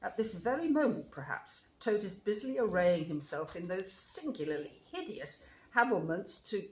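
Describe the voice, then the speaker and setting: A woman voicing a stern, commanding old male badger in a storybook reading, with slow, deliberate pronouncements. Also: mid-range voice, a little mellow, lightly acted. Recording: roomy with faint hiss.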